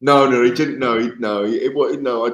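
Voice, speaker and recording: A man's voice: medium pitch, fairly even intonation, a little fast, roomy sound, lo-fi sound, crowd noise. A man chatting casually on a live show as a boxing journalist, rambling and correcting himself with amusement. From Wales.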